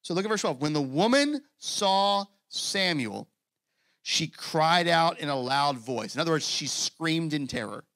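A male pastor preaching in a lively, conversational style, full of quick asides. His voice is fairly high for a man and forceful. It is recorded close and dry, with little room sound. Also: dry recording. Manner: acts out scripture quotes in character voices. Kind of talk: sermon.

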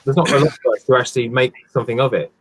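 A man's voice: medium pitch, very fast, husky. A man chatting on a live call, hesitant and repeating his words. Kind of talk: casual group chat on a live call.

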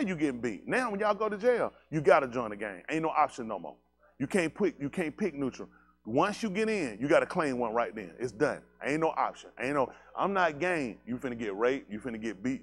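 Blunt, animated male pastor with a higher voice. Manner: animated, talks straight to listeners with rhetorical questions and laughs; blunt, uses slangy everyday speech. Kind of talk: conversational preaching to a congregation.

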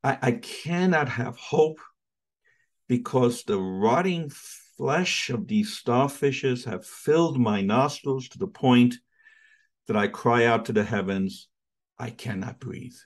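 A middle-aged man from New giving an impassioned lecture in a preaching style, with big swings in pitch and loudness and repeated words. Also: lively intonation, takes it slowly. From United States. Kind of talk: sermon-like lecture.

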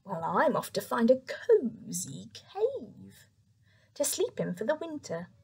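A woman voicing a big, sleepy male bear, calm and kind, speaking in a slow, soothing way. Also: a little high, vocal fry, husky, heavily acted.

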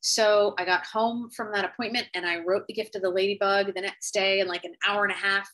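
A woman speaking as an author, telling a heartfelt personal story to camera over a video call, earnest and unhurried with thoughtful pauses. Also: medium pitch, steady tone, fairly bright tone, poor audio. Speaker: author sharing her story.

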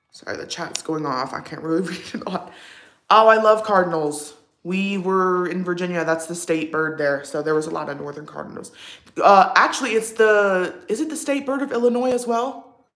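In an echoey room, a chatty young woman hosts a relaxed get-ready-with-me livestream. Her voice sits on the lower side with a fairly bright tone, and she wanders from topic to topic, leaning on "like" and replying to chat messages.

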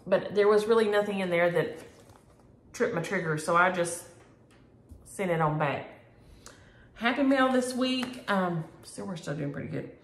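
A middle-aged woman, chatting homey and warmly to her viewers about stitching and mail. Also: on the low side, unhurried, long pauses, slight background noise. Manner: homey, chatty, uses y'all. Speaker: flosstube host. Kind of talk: casual chat to camera. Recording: echoey room.

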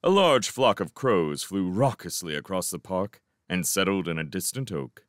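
A man reading a children's fantasy novel aloud, with expressive, dramatic storytelling. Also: low-pitched, normal speed, dry recording, clean studio sound. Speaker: audiobook reader. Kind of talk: scripted storybook narration.

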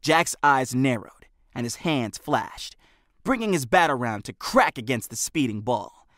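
Expressive male audiobook narrator. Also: mid-range voice, unhurried, no echo, clean studio sound. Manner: expressive storytelling. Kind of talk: scripted narration. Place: recording booth.

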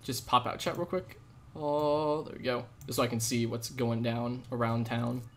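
A man's voice: mid-range voice, steady tone, normal speed, a bit bright, a little hiss or hum. A man live-streaming a video game, chatting casually with viewers in an upbeat, slangy way into a desk microphone. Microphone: desk USB microphone.

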